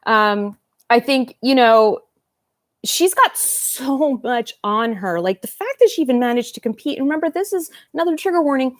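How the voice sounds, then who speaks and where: A woman's voice: high voice, lively intonation, moderate pace, no room sound, studio quality. A woman, chatting on a livestream, rambling, reading comments aloud and talking while eating. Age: 50s. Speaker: doll-collecting livestream host. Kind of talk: casual livestream chat.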